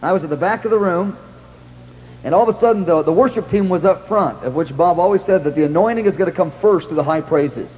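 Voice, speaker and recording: A man's voice: high voice, quick pace, darkish tone, long reverb tail, poor audio. A man preaching in a storytelling style, rambling through anecdotes with restarts and acting out what others said. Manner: rambling anecdotes with many restarts and acted-out quotes. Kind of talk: storytelling sermon.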